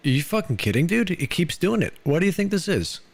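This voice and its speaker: A man's voice: high-pitched, very animated, fast, gravelly, dry recording. An American man chatting casually on a live stream, loose and rambling, full of "dude" and "like".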